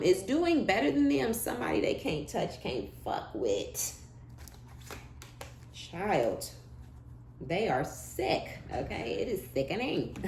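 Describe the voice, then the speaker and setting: Low-voiced blunt woman reading tarot. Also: a little mellow. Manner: blunt, profane, laughing asides, slangy. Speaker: tarot reader. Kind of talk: casual tarot reading monologue. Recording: echoey room with faint background hum.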